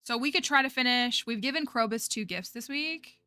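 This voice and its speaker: A woman's voice: a little high, normal speed, bright, forceful tone, smooth, no room sound, studio quality, faint music behind. A woman streaming a game, chatting casually as she plays, thinking aloud and talking to her viewers. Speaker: livestreamer. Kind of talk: casual gameplay commentary.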